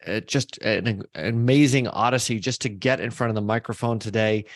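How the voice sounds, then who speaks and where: A man hosting a podcast interview, relaxed and chatty with light jokes. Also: lowish voice, normal speed, no room sound. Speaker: podcast host. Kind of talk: casual interview chat.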